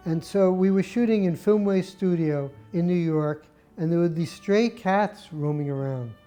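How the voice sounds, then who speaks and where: A man's voice: sits high, normal speed, dark tone, soft background music. An older man, a film set photographer, telling stories from past shoots in an interview and acting out remembered quotes. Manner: anecdotal, acts out remembered quotes. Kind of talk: storytelling interview.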